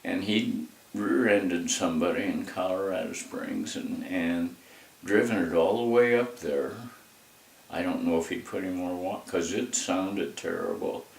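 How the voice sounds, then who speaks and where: A man's voice: deep voice, measured pace, vocal fry. An older man tells family stories in a rambling, folksy way, with many asides. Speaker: interviewee telling family history. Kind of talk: casual storytelling. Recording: echoey room, mic far off.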